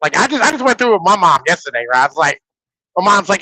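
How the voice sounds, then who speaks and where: Brief: profane, animated man, high voice, dry close sound. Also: fast talker, dry recording, rough recording. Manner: animated, profane, repeats "you know what I'm saying". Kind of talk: casual profane chat.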